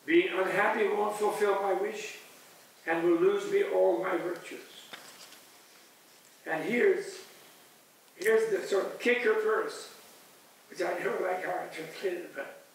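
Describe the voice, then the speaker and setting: High-voiced man lecturing in an echoey hall. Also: unhurried, gravelly, pauses often. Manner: animated and digressive, chuckling, acting out voices of others. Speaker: Buddhist teacher giving a retreat's closing talk. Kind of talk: discursive spiritual lecture. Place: large echoey hall at a retreat center. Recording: echoey, distant room recording with faint hiss.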